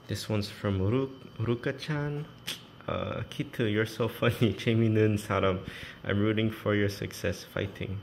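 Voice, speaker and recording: A man's voice: on the low side, steady tone, brisk, a little hiss or hum. A man reading farewell notes aloud, mixing Korean phrases into casual English and laughing often, emotional and teary. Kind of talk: casual chat.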